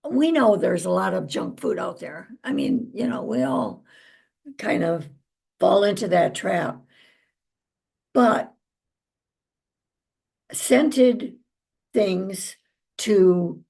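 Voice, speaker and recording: A woman's voice: mid-range voice, lively intonation, drawn-out words, gravelly, pauses often, husky. An older woman, a traditional naturopath, chatting homily in a casual vlog about family, her garden and home remedies. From United States. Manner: chatty, homey, with fillers and warm asides.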